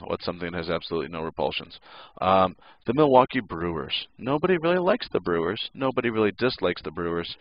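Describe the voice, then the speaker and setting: A man's voice: low-pitched, no room sound, highs cut off. A male teacher giving a casual recorded lesson, joking and making playful sound effects.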